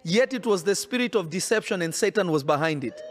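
A man's voice: sits high, lively intonation, brisk. A man preaching a sermon in an emphatic, insistent way, often repeating his phrases.

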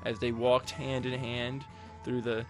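A man's voice: mid-range voice, little pitch movement, a little slow, soft background music. A man giving casual, jokey gameplay commentary as a let's play host, rambling with crude asides.

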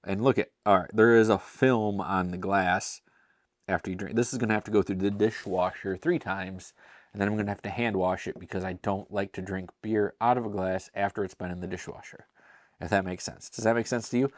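Chatty, excited man with a low voice. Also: a little fast, dry recording. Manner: enthusiastic, chatty, with self-deprecating asides. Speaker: beer reviewer and show host. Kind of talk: casual tasting review.

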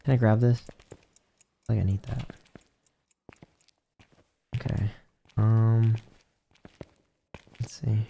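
A man's voice: on the low side, extremely slow, vocal fry, long pauses, highs cut off, slight background noise. Jumpy, swearing young man gaming. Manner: excitable, swears a lot, jumpy. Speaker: streamer. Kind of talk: casual gaming stream chat.

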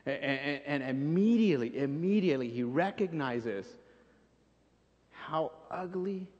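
A man preaching a sermon in a church sanctuary, animated, acting out scenes and repeating phrases for emphasis. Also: a little high, a little slow. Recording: dull recording with long church reverb.

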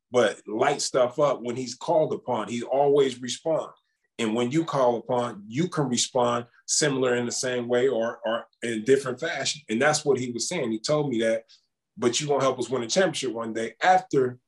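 A man in his thirties, a former basketball player, telling stories in a casual interview and acting out the dialogue as he goes. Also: medium pitch. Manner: animated storyteller acting out dialogue.

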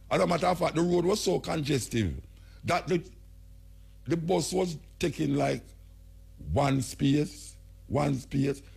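A Jamaican man on a radio talk show delivers blunt, emphatic commentary and speaks straight at the officials he criticizes. His voice is gravelly and husky and sits a little high for a man. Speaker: radio host.

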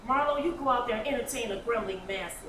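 A woman plays a brisk, commanding office manager with a high voice who gives quick orders. It is a staged reading, caught from a distance in an echoing room over noise. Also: pushed and bright. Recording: echoey room, mic far, noisy.

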